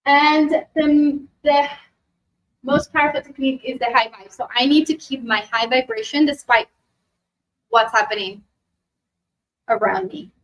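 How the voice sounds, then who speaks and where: High-voiced woman leading a lively workshop. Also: a little slow, pauses often, muffled recording, slight background noise. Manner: animated, acts out quoted voices, frequent "right?". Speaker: spiritual workshop presenter. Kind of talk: live workshop talk and guided meditation. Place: expo workshop room.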